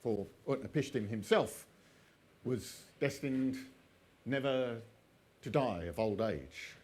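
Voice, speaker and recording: A man's voice: mid-range voice, animated, slow pace. A man telling an old myth, drifting into chatty asides and laughing often at his own jokes. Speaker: storyteller. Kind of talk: oral storytelling with chatty asides.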